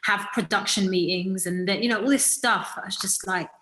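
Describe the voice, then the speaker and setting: A woman's voice: medium pitch, steady tone, moderate pace, pushed and bright, low-quality recording. A British woman giving a thoughtful interview about her acting role, with many fillers and restarts. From Britain. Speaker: actor, interview guest. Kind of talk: casual interview talk.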